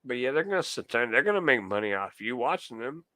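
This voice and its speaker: A man's voice: mid-range voice, very animated, fast, bright, forceful tone, dry recording. A young man streaming live, ranting heatedly and swearing a lot while answering his chat. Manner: profane, heated, talks to chat. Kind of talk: casual ranting monologue.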